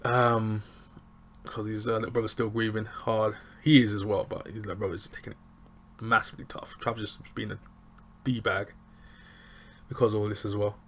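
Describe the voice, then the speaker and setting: A man with casually recapping a TV episode, animated and chatty, acting out lines from scenes. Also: on the low side, normal speed, pauses often, slight background noise. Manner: animated, chatty, acts out quotes. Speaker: TV show reviewer.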